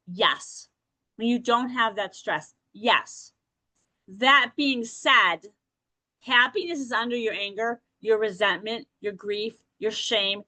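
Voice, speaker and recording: A woman's voice: a little high, pushed and bright, no echo. A woman hosting a podcast, talking directly and encouragingly to listeners and often checking in with "okay?". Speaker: podcast host. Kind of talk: motivational podcast talk.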